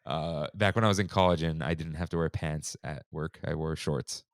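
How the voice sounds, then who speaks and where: A man in his thirties co-hosting a podcast in a relaxed, slangy chat style, saying "dude" and "like" often. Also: a bass voice, normal speed, clean tone, no room sound, studio quality. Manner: laid-back, slangy, says "dude" and "like" often. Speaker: podcast co-host. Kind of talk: casual chat.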